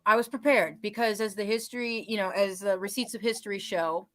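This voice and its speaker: A woman with a mid-range voice talks through her thoughts on a discussion panel. She pauses and restarts often as she works her way to the point. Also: mid-range voice, fairly even intonation, fairly bright tone. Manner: hesitant, lots of fillers and restarts.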